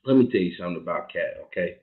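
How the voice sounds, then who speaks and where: A man's voice: sits low, animated, rapid-fire. A man co-hosting a sports podcast, talking emphatically with laughter and playful trash talk. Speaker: podcast co-host. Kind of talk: casual sports chat. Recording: echoey, dull lo-fi room sound.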